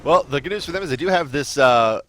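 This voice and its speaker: A man casting an esports match, energetic and chatty, laughing often. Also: on the high side, quick pace, background noise. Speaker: esports caster. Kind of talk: play-by-play commentary.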